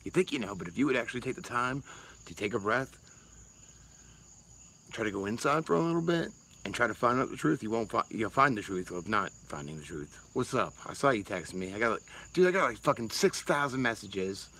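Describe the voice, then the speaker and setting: A man's voice: lowish voice, big pitch swings, a little fast, bright, forceful tone, slight background noise, poor audio. A man, rambling casually and swearing freely on a livestream while answering chat. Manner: rambling, profane, laid-back.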